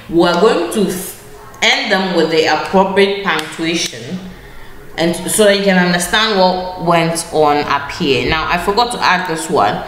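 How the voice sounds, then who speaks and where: A patient woman runs an online grammar lesson on screen share, her voice fairly low in pitch and a bit bright. She keeps repeating key phrases and correcting herself as she goes along. The space sounds echoey, with faint ambient noise.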